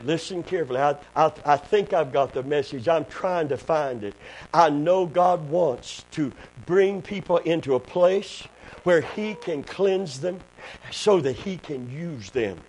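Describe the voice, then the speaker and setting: A man's voice: on the high side, lively intonation, measured pace, a little mellow, low-quality recording. A man preaching a sermon at a church service, telling folksy stories and building to emphatic preaching.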